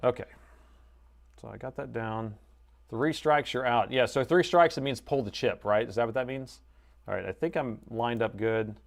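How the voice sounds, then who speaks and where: A man's voice: mid-range voice, moderate pace, creaky. Chatty man on a lapel mic at his desk. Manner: chatty, reads chat aloud, self-deprecating. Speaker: laptop repair streamer. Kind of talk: casual live-stream chat.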